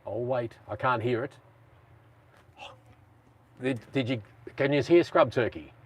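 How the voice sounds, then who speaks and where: A man's voice: medium pitch, unhurried, darkish tone. Chatty Australian man hosting a live stream. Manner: chatty, rambling, slangy. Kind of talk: casual live stream chat.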